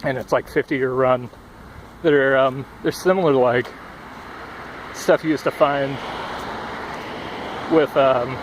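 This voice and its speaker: A man's voice: medium pitch, fairly even intonation, a little slow, long pauses. Winded young man rambling by a road. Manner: rambling, full of fillers and swearing. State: out of breath. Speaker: vlogger. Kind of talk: rambling casual monologue. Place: outdoors by a busy road. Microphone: headphone cord mic. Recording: faint traffic noise outdoors. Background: passing cars.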